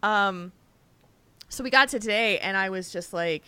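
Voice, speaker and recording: A woman's voice: medium pitch, a little slow, bright, forceful tone, smooth, no room sound. A tired woman co-hosting a podcast, chatting casually, rambling and restarting her sentences with frequent laughs. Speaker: podcast co-host. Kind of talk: casual chat.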